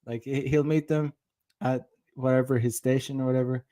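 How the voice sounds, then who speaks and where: A man's voice: medium pitch, fairly even intonation, normal speed, mellow. A young man giving dating advice in a casual, rambling monologue, with many restarts, acting out bits of dialogue.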